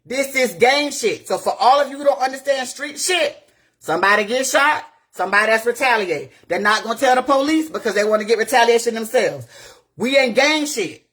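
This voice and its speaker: Blunt, husky-voiced woman on a live rant. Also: on the high side, lively intonation, fairly bright tone. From Gainesville, Florida. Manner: blunt, profane, rapid-fire rhetorical questions. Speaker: community activist. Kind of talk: impassioned live-video rant. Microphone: phone on a live video.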